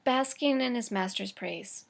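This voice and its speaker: Woman teacher, higher voice, reads a chapter aloud to the class, slow, fixes her own slips. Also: vocal fry. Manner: slow, careful reading with small stumbles and self-corrections.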